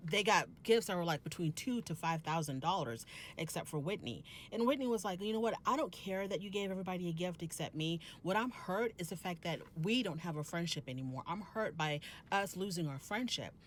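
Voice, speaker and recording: A woman with a somewhat low voice talks through a reality TV episode in a relaxed recap. She retells each scene and slips into quick, lively bursts when she quotes people. A faint low rumble sits under the recording.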